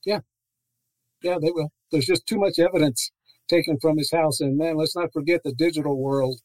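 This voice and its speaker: A middle-aged man from Las Vegas, a retired homicide detective speaking as a guest. He answers in a confident, matter-of-fact way. His voice sits fairly high for a man, and the sound is dry. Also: steady tone, normal speed, darkish tone, dry recording, rough recording. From Las Vegas, USA.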